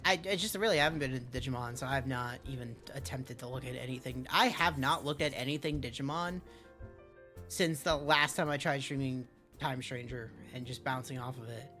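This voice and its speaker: A rambling, foul-mouthed game streamer talks casually through a live session, tripping over words and cutting themself off. Their pitch sits in an ordinary middle range. Faint music plays underneath. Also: brisk, bright, forceful tone. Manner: profane, rambling, self-interrupting.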